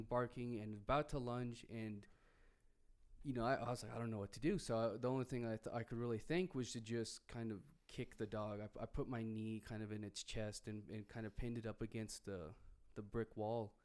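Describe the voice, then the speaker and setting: A man co-hosting a podcast, telling a story in a casual, halting way with frequent restarts. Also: fairly low pitch, flat delivery, clear, resonant tone. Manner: halting, restarts often while recounting. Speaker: podcast co-host.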